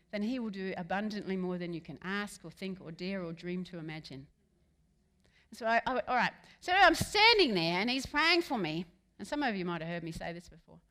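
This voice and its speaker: A woman preaching a sermon in a church, lively and humorous, moving between soft asides and loud emphatic lines. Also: on the high side.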